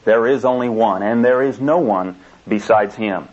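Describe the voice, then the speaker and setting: A man's voice: fairly low pitch, moderate pace, darkish tone. A man preaching a sermon and reading scripture aloud, pressing his points with insistent emphasis and repetition. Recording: dull lo-fi tape recording.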